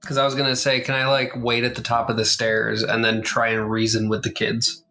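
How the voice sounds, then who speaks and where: A woman's voice: rumbling low, monotone, fairly quick, fairly bright tone, faint music behind. A woman playing a tabletop game, asking easygoing questions. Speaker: player. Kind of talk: casual tabletop play.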